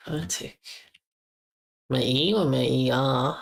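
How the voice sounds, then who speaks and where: Chatting at an easy pace on a live stream, a woman repeats German words aloud again and again to get the pronunciation right. Her extremely low, gravelly voice stays fairly even, broken by quick curses and exclamations she blurts out.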